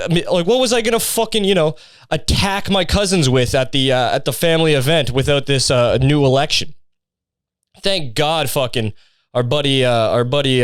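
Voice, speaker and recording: A young man rambles through a sarcastic, profane comedy monologue as a podcast host. His voice is smooth and clean. It is recorded close and dry. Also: medium pitch, dry recording.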